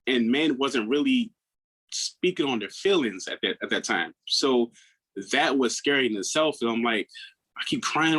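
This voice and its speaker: A man in his thirties, a podcast guest, telling his own story in a candid, earnest way, often restarting his words and acting out what others said in a higher voice. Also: expressive, moderate pace, a bit bright, husky, poor audio. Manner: acts out quoted people in a raised voice.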